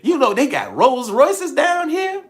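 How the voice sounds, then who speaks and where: A man's voice: very high voice, huge pitch swings, a little slow, faint music behind. A man hosting a spiritual livestream, talking playfully to his viewers, laughing often and acting out quoted voices. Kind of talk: animated live-stream talk to viewers.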